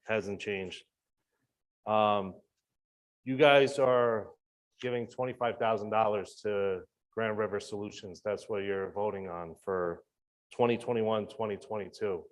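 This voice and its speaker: A man's voice: on the low side, fairly even intonation, a little slow, low-quality recording. A man asking the board confrontational questions during public comment at a school board meeting. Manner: confrontational, questioning, with fillers and restarts.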